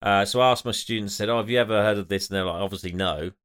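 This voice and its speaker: A man's voice: fairly low pitch, steady tone, racing, a bit bright, clean tone. A man co-hosting a podcast, chatting casually, rambling a bit and laughing often. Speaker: podcast co-host. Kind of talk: casual banter.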